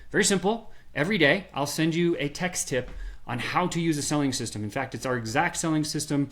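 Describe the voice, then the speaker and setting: A man guest on a podcast, explaining a sales method with lively storytelling and quick bursts of acted-out dialogue. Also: on the high side. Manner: animated storyteller, acts out quoted voices. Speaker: podcast guest, software founder. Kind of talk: energetic sales pitch in conversation.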